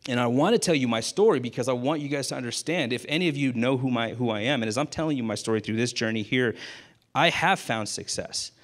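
A man, an insurance agent guest, telling a casual story in a candid, lively way and acting out the dialogue he quotes. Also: medium pitch, fast.

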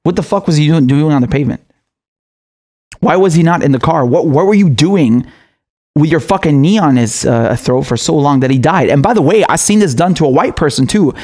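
A man's voice: a little high, animated, brisk, a little mellow. A man giving an angry commentary monologue, heated and profane, often stammering and restarting his sentences. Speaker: political commentator.

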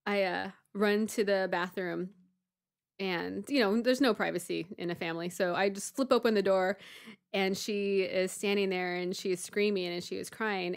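A woman in her thirties, co-hosting a podcast, telling a story in a casual, animated way and acting out panicked voices with laughter. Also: medium pitch, gravelly, clean tone. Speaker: podcast co-host.

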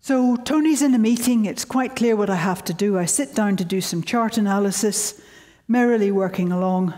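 A woman's voice: mid-range voice, normal speed. A woman in her seventies giving a public lecture, telling wry stories of her early career. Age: 70s. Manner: wry, storytelling, animated quotes. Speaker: guest lecturer.

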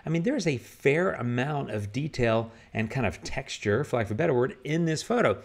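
Man, photo-editing tutorial host, casual, conversational, mid-pitched voice. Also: normal speed, creaky. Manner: relaxed, conversational, thinks aloud with fillers. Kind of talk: casual screen-recorded software tutorial.

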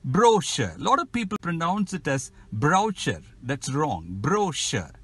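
A man's voice: on the high side, wildly swooping pitch, a bit bright, breathy edge, no room sound. A man with an Indian English accent teaching English pronunciation in a scripted podcast lesson, spelling words letter by letter. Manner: slow, careful, spells words out.

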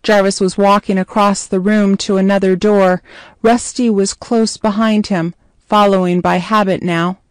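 A woman's voice: medium pitch, little pitch movement, unhurried, clear, resonant tone, no echo, studio quality. Woman narrating a story.

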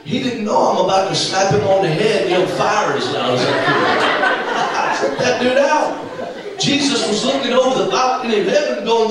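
A man's voice: high voice, normal speed, a crowd in the background. A man, an evangelist, telling a funny testimony in a sermon, acting out voices as he goes. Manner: animated storytelling with acted voices. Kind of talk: humorous preaching testimony. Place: church sanctuary. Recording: very echoey church from far off.

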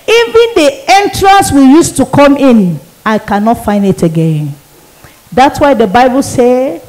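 A Nigerian woman evangelist tells her testimony in a high voice. She preaches earnestly and vividly, and she drives her points home with repetition. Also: warm tone, rough recording. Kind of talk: testimony sermon.

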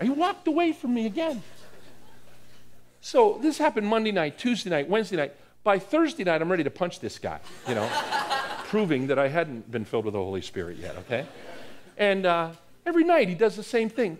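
A man from the US East Coast preaching a sermon, telling a story in an animated way and acting out the dialogue in it. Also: sits high, a little fast. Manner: animated storyteller, acts out dialogue, repeats words. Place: church hall with live audience.

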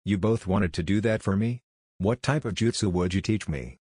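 An eager young ninja boy in a read-aloud story, as a man voices him. The voice stays low and deep with no boyish lift, and the sound is dry and close. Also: normal speed, a little mellow, breathy edge, dry recording.

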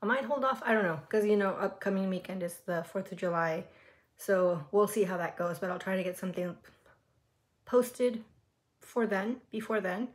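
A woman's voice: medium pitch, moderate pace. A young woman hosting a casual reaction vlog from her room, chatty and gushing, with lots of fillers and giggles. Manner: frequent giggles while talking. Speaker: reaction video host.

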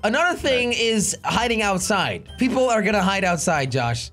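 A man's voice: sits high, moderate pace. Male gaming host, teasing and silly, over background music. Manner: goofy, teasing, excitable. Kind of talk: playful gaming commentary.

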